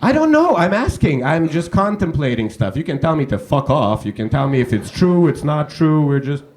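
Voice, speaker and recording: A man's voice: a little high, sing-song, moderate pace, darkish tone, a little hiss or hum. A man doing stand-up crowd work on a comedy club stage, teasing the audience with chatty questions into a handheld mic.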